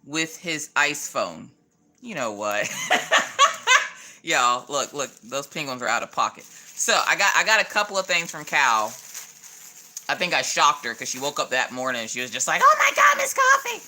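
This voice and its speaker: Woman, livestream host, casual chat, playful, greets viewers, bright tone, very lively pitch. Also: moderate pace, a little hiss or hum.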